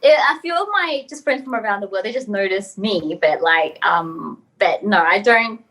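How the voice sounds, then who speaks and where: A woman from Australia, a guest on a casual podcast interview, telling stories in an animated, giggly way with many fillers. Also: mid-range voice, normal speed, low-quality recording.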